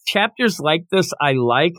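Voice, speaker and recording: A man co-hosting a manga podcast, chatting casually and acting out character lines in quick asides. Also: fairly high pitch, lively intonation, a bit bright, no echo, faint music behind. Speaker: podcast co-host. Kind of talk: casual chat.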